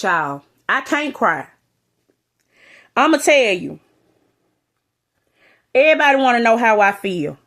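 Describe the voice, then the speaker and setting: Fairly high and fairly bright, this woman's voice carries a blunt, profane direct-to-camera rant. The vlogger challenges her listeners with "you hear me?"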